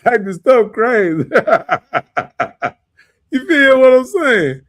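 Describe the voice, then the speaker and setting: A man, hosting a podcast in casual opinion talk, animated, often asking "you know what I'm saying" and laughing. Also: very high voice, drawn-out words. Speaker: podcast host.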